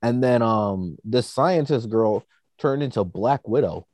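A man's voice: mid-range voice, animated, unhurried, darkish tone, no echo. A man casually chatting as a podcast co-host, rambling with lots of fillers. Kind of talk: casual chat.

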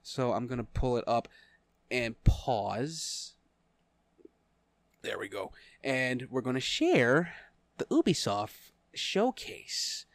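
Chill podcast guy rambling and laughing a lot, bouncy voice, unhurried. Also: medium pitch, sing-song, vocal fry, dry recording. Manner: laughs often, loose and rambling. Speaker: podcast co-host. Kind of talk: casual live-stream chat.

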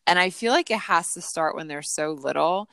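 A woman's voice: lowish voice, animated, normal speed, fairly bright tone, no echo, studio quality. A woman hosting a casual podcast chat, who talks in a bubbly way, laughs often and uses many fillers. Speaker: podcast host and astrologer.

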